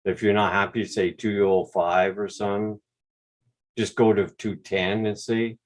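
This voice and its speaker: A man with a Quebec accent, hosting a relaxed, rambling livestream chat over a video call with some mild swearing. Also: lowish voice, a little slow. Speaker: drone channel host.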